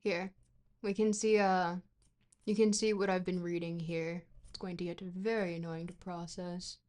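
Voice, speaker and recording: A woman's voice: lowish voice, flat delivery, normal speed, a little mellow. Chatty woman streamer reading a book aloud. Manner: rambling and playful, with frequent fillers and self-corrections.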